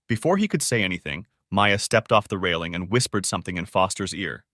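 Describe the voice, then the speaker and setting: A man's voice: lowish voice, lively intonation, a little fast, hardly any pauses, sharp tone, no room sound, studio quality. A man narrating a first-person story in a scripted storytelling style.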